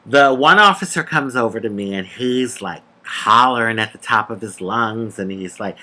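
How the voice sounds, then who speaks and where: A woman telling a personal story in a casual, animated, sassy way, calling the listener honey and laughing between lines. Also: very deep voice, a little slow. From United States. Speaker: vlogger.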